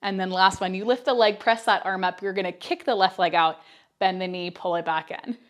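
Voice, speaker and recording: A woman's voice: mid-range voice, a little fast, a bit bright. A woman instructing a follow-along Pilates workout, counting reps and giving upbeat cues with chatty asides while she is out of breath.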